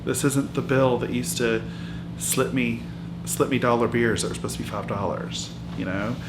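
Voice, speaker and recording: A man's voice: mid-range voice, moderate pace, lightly acted. A man playing a rambling 66-year-old woman. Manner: rambling, meandering storyteller with many fillers. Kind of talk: mockumentary character interview. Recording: echoey room with loud music underneath.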